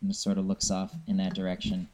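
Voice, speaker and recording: A man narrating a tabletop game as game master, describing scenes with halting fillers. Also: sits low, completely flat delivery, dark tone. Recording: echoey room with faint noise.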